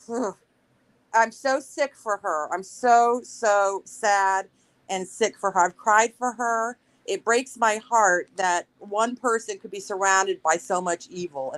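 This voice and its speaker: A woman's voice: medium pitch, a bit bright, rough recording. Emotional rambling woman caller. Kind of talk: casual call-in chat.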